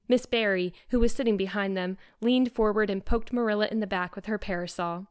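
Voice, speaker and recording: Female audiobook narrator, measured, expressive, mid-range voice. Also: mid-range voice, smooth. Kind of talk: scripted narration.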